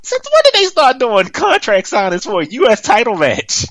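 A man's voice: very high voice, normal speed, a little hiss or hum. A man co-hosting a wrestling podcast, talking casually with brash swearing and teasing. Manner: brash, animated, swears freely. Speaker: podcast co-host.

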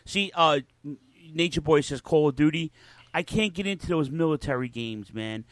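A podcast host in his forties speaks at normal speed in a slightly high male voice, recorded dry. In casual chat he tells loose, profane stories, cursing constantly.

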